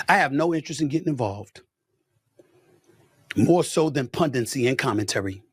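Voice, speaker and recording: A man ranting as a talk-show host, loud and emphatic, repeating himself for force. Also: on the high side, very animated, fairly quick, long pauses, husky, dry recording, studio quality. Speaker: sports commentator and show host. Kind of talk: heated talk-show rant.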